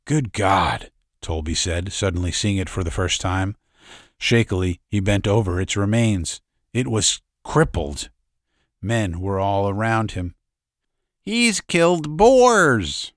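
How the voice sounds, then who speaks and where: Low-voiced male audiobook narrator. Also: fairly even intonation, unhurried, no room sound, studio quality. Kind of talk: scripted narration. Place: recording studio.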